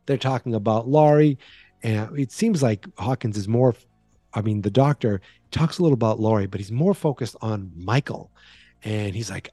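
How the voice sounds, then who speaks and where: Male podcast host, dark mellow tone, dry close sound, loose chatty recap style. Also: fairly low pitch, moderate pace, no echo, soft background music. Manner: rambling, chatty, frequent fillers and restarts. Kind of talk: casual horror movie recap.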